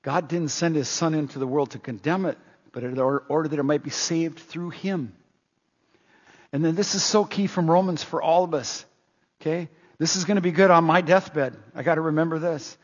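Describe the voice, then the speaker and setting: A man's voice: fairly high pitch, normal speed, husky. A middle-aged male pastor preaching a sermon, telling a story earnestly and asking the congregation questions. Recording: dull, long-reverb hall sound.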